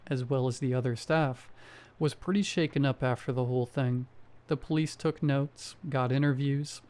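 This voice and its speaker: A man reading a first-person horror story aloud in a steady storytelling manner. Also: medium pitch. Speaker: story narrator. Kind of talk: scripted horror narration.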